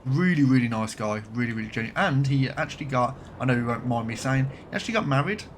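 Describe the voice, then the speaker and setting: A man's voice: medium pitch, animated, fast, a little hiss or hum. A man from Birmingham with a light Birmingham accent, chatting casually and swearing now and then while live-streaming a game. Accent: light Birmingham English. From Birmingham, England.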